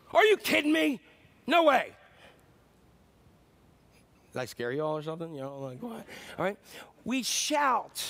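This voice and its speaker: A man preaching a sermon as pastor, animated and joking with the congregation, acting out shouts and voices. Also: high voice. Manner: jokes with the audience.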